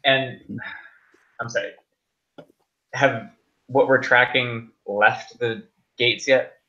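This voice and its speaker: A man's voice: medium pitch, steady tone, takes it slowly, bright, forceful tone. Male player, wry and joking, slightly dull recording. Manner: wry, laughs at his own jokes. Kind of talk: casual tabletop role-play.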